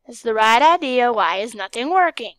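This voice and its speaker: Lively high-voiced young woman gaming. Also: normal speed, smooth, no echo. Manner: excitable, chatty, sudden whispered asides. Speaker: gaming channel host. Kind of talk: casual game commentary.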